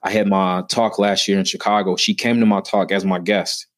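A man's voice: low-pitched, little pitch movement, normal speed. A man in his thirties, a podcast guest sharing heartfelt personal stories in an earnest, emphatic way that rises with feeling.

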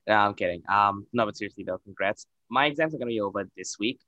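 A man's voice: lowish voice, quick pace, pushed and bright, dry recording, highs cut off. Joking young male podcast co-host. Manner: joking, casual, swears freely, many fillers. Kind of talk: casual chat.

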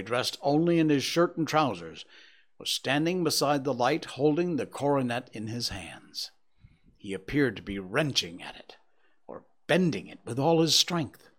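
Male audiobook narrator, theatrical storytelling, very lively pitch. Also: normal speed. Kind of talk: dramatic storytelling reading.

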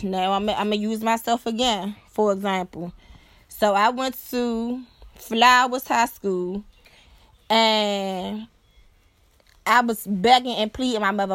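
A woman's voice: on the high side, slow, pauses often, no echo. Blunt, profane woman telling a story. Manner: blunt and profane, keeps asking "you know what I'm saying"; animated, acts out other people's voices. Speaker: podcast host. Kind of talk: casual storytelling monologue.

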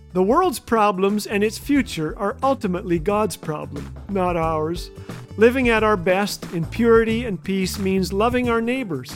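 Wry high-voiced man telling a story. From Canada. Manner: wry storytelling with deadpan jokes. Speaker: radio host. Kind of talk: scripted humorous radio commentary.

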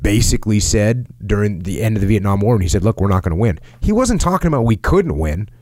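A middle-aged man in a casual podcast talk, reading from an article and acting out quotes with lively jumps in pitch. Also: fast talker, dry recording, studio quality. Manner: animated storyteller, acts out quotes in a raised pitch. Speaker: podcast host.

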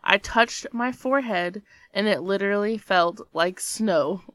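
Bright-voiced woman reading a spooky tale. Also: medium pitch, a little slow, no echo. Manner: dramatic storytelling that breaks into nervous laughter. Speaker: podcast co-host. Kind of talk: reading a scary story aloud.

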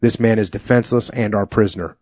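A man's voice: lowish voice, steady tone, fast talker, no echo, natural voice. A man voicing a stern male army captain who reprimands a junior officer sharply, in a slightly muffled dry recording.

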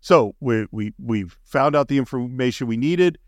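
A man's voice: medium pitch, expressive, moderate pace, a little mellow, no room sound. An enthusiastic man walks through scenes of a movie on a casual podcast. His voice sits mid-range, and the recording is dry and close, with no room sound. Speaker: podcast co-host. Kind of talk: casual film discussion.

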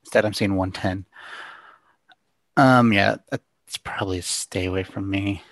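A man co-hosting a casual chat, easygoing and quick to chime in with agreement. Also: deep voice, fairly even intonation, fairly bright tone, no echo, studio quality. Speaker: co-host.

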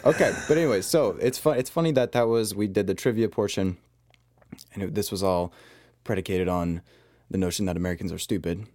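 Joking young man with a low voice. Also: a little fast, darkish tone. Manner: jokey, laughs often. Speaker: co-host. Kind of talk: casual chat. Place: home.

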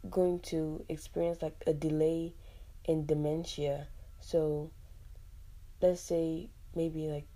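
A woman's voice: low voice, warm tone. A Nigerian woman hosting a podcast, talking casually and expressively on her own, with many "like" fillers and asides. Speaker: podcast host. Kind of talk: casual solo podcast talk.

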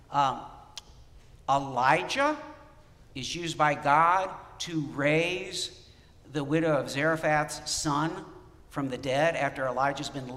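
Animated male pastor preaching in a hall. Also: fairly high pitch. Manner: animated, asks the congregation questions. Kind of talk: sermon.

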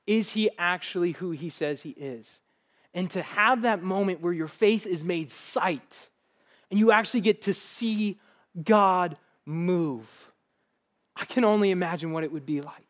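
A male pastor with a fairly high voice delivers a sermon to a church congregation. He speaks earnestly but conversationally, like talking to friends in the pews, and often laughs lightly. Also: measured pace. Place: church service before a live congregation.

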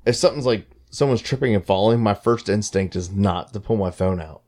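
A man's voice: lowish voice, fairly quick, a little mellow. A man co-hosting a podcast, chatting casually, swearing freely, laughing often and acting out little scenes. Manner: swears a lot, laughs often, acts out voices in stories. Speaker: podcast co-host. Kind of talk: casual banter.

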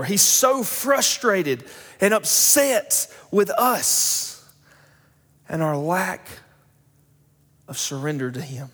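A young male pastor delivers a sermon with a high voice. He tells a story, then presses his points with rising emphasis. The sound carries a long reverb from the church sanctuary around him. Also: lively intonation, drawn-out words, pauses often, fairly bright tone. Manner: storytelling, builds to emphatic preaching.

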